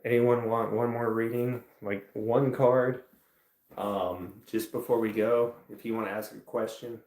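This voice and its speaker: A man hosting a casual livestream, answering chat in a rambling, soft-spoken way that trails off. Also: mid-range voice, steady tone, unhurried, roomy sound. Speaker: livestream host. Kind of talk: casual live-stream chat, reading chat questions.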